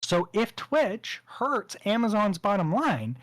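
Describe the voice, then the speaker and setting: A man's voice: sits high, very animated, slow, a bit bright, no echo. A Canadian man chatting casually about streaming platforms, laughing often and stammering on repeated words. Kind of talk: casual chat.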